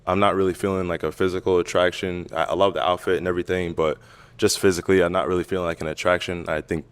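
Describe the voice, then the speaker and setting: A young man with a low voice answers questions quickly and politely. He hedges with frequent ums and likes. His talk is fast even when he hesitates. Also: clear, resonant tone. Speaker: dating show contestant. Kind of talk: casual interview answers.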